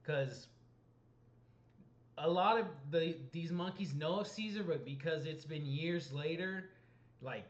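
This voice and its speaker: A man recapping and reviewing a film in a loose, rambling way, often stopping to correct himself. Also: a little high. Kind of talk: casual spoken movie recap. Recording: roomy, dull lo-fi home recording.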